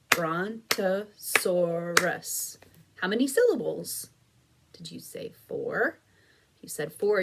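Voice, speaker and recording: A woman's voice: fairly low pitch, vocal fry, a little hiss or hum. A woman teaching an early reading lesson for young children, patient and encouraging, sounding out and stretching words carefully. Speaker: elementary school teacher. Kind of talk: slow, clear phonics lesson video for children.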